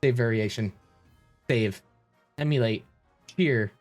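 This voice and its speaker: A flustered male streamer talks slowly through his stream settings in ordinary live-stream chatter, rambling and thanking viewers as he goes. His voice is at a middle pitch, and faint music plays behind him.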